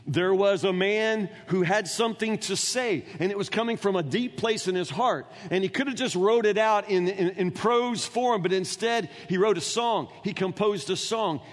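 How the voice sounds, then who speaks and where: A pastor preaching a sermon in a church, emphatic and animated, moving between loud outbursts and quiet asides. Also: male voice, high-pitched, big-room sound. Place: church sanctuary.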